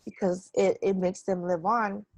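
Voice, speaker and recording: A woman's voice: mid-range voice, fairly even intonation, a little slow, a little mellow, no room sound, rough recording. A woman hosting a podcast interview, speaking earnestly and reflectively in a conversational way. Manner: earnest, reflective, with some restarts. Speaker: podcast host.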